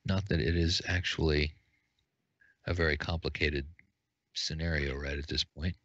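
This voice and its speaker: A man running a tabletop game as game master, relaxed and chatty, thinking aloud with fillers. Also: extremely low pitch, moderate pace, no echo. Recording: dull, dry lo-fi sound.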